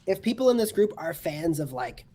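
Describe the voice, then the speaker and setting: A man's voice: on the high side, big pitch swings, moderate pace, dark tone. A man from New Jersey playing a tabletop game, easygoing and thinking aloud. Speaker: player. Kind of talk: casual chat.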